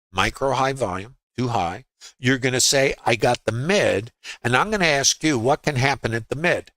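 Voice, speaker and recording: A man's voice: medium pitch, pushed and bright, dry recording. A man teaching a trading lesson over his charts, firing rhetorical questions in short clipped phrases. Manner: rhetorical, quizzing the listener with quick questions. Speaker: trading educator. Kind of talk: screen-share trading lesson.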